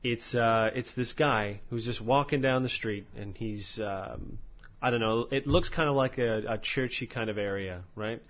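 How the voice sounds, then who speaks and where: A man's voice: mid-range voice, normal speed. Rambling lo-fi podcast host, a man. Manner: rambling, filler-heavy, swears freely. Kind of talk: casual podcast chat. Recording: slightly dull lo-fi audio.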